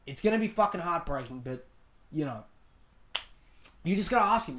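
A man's voice: a little high, animated, normal speed, pauses often, fairly bright tone. A male podcast host rants through relationship advice, blunt and heavy on swearing. He talks casually and with emphasis, repeating his points to drive them home.

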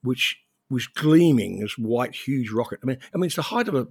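A man's voice: medium pitch, expressive, moderate pace, vocal fry, darkish tone, slightly rough, no echo, studio quality. An older man from New Zealand, a former journalist, telling anecdotes in a rambling, conversational interview.

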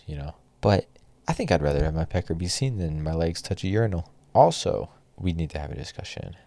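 Brief: young male podcast host, very low voice, dry close sound, profane exasperated rants. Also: a little mellow, dry recording. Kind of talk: solo podcast rant.

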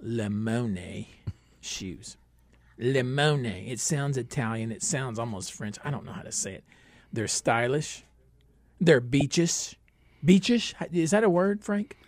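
A man hosting a comedic radio talk show, boisterous and jumping between loud bursts and low asides. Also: lively intonation, unhurried, no room sound. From Northeast Texas.

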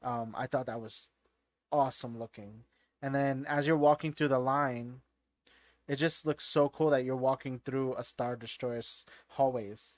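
A man's voice: mid-range voice, steady tone, measured pace, no echo. A man co-hosting a podcast, chatting casually with lots of fillers and restarts. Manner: rambling, many fillers and restarts. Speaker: podcast co-host. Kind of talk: casual chat.

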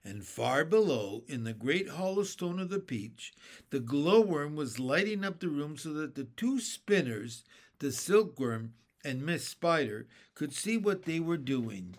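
An older man reads a children's story aloud at a slow pace. His voice sits a little high and moves expressively through his pitch range. His telling is unhurried and animated. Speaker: reader. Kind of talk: children's book read-aloud.

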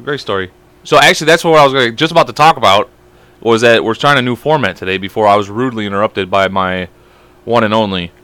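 A young man co-hosting a casual podcast, telling stories in an animated way and swearing a lot. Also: lowish voice, clear, resonant tone, no echo. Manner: fast, animated storytelling with lots of swearing. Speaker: podcast co-host.

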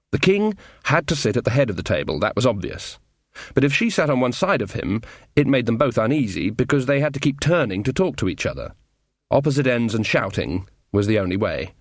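A man reading a comic novel aloud in a wry, deadpan narration. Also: mid-range voice, no room sound, studio quality. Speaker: audiobook narrator. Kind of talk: scripted narration.

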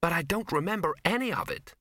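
A man's voice: a little high, animated, fast talker, sharp tone, no room sound, clean studio sound, pitched above the performer's own voice. A man reading aloud and voicing a confused, frightened young woman in an audiobook. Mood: uneasy. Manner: uncertain, small voice.

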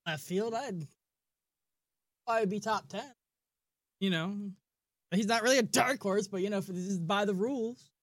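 High-voiced blunt man, dry close sound. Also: moderate pace, pauses often, dry recording. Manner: blunt, rambling, swears freely. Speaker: podcast co-host. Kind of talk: casual chat.

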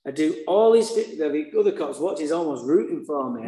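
A man's voice: fairly high pitch, animated, normal speed, hardly any pauses, a loud crowd. Blunt, profane man telling his story. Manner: blunt and profane, with dark humor. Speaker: speaker sharing his recovery story. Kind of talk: candid personal storytelling. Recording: roomy echo.

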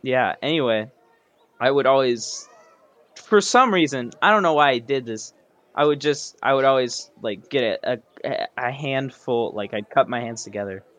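A man's voice: mid-range voice, animated, moderate pace, fairly bright tone. Rambling young man telling stories. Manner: rambling, self-interrupting storyteller. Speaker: podcast co-host. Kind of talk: casual chat, storytelling. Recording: muffled lo-fi sound.

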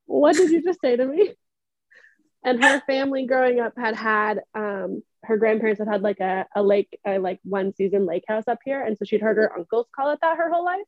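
A woman's voice: medium pitch, brisk, few pauses, no room sound. Chatty New Hampshire woman, dull dry sound. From New England. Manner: chatty storyteller, laughs often. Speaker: podcast co-host. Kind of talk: casual chat.

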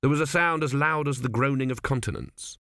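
A man narrating a comic fantasy audiobook in a measured, wry reading. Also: mid-range voice, fairly bright tone, no room sound, studio quality.

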